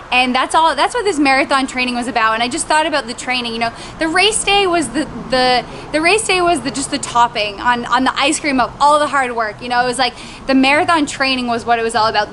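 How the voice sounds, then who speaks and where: A young woman casually recounting her first marathon, animated and acting out what people said. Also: slight background noise. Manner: animated, acts out quotes in a higher voice. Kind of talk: casual storytelling.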